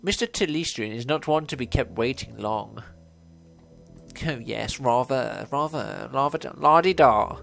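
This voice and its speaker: A man's voice: medium pitch, unhurried, gravelly, music in the background. A man voicing a fussy, snobbish male elf butler in a put-on posh English accent. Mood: prissy, haughty.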